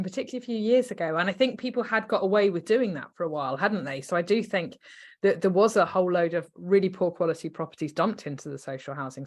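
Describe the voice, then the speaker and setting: A woman hosting a podcast interview, friendly and upbeat and quick to joke at her own stumbles. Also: lowish voice. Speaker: podcast host.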